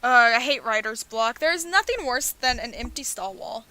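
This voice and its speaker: A woman's voice: on the high side, animated, normal speed, sharp tone. A young woman streaming a dating game, reading its text and dialogue aloud with playful, cheeky commentary. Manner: playful, reads character lines in her own voice, laughs and swears.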